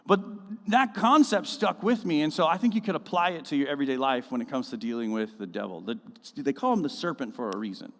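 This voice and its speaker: A man preaching a sermon as a pastor, conversational and full of animated storytelling, in a church auditorium. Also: medium pitch, fast, few pauses. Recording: echoey church hall.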